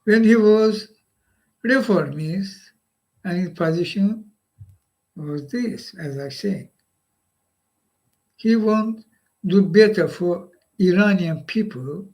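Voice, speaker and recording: Guy w high voice talking slow, choppy little phrases, keeps asking huh?. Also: a little mellow, poor audio. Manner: halting, short phrases with rhetorical "huh?". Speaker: live stream host. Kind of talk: political monologue.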